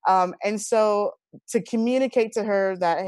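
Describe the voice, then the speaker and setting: A woman's voice: mid-range voice, normal speed, no echo, clean studio sound. A woman in her thirties, a guest in an interview, telling personal stories in an earnest, heartfelt way. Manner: earnest, heartfelt, animated retelling. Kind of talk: personal storytelling in conversation.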